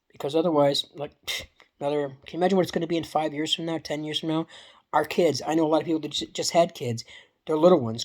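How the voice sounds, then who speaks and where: Woman, low voice, profane, repetitive vlog ranter. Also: a little mellow. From Canada. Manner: heated, profane, repetitive, with many restarts. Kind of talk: casual political rant vlog.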